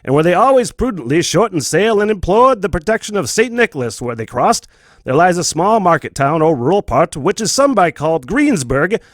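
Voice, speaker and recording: A man putting on an old-fashioned storybook narrator voice, reading aloud in a measured, enunciated way. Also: high voice, very animated, no echo, studio quality. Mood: stately.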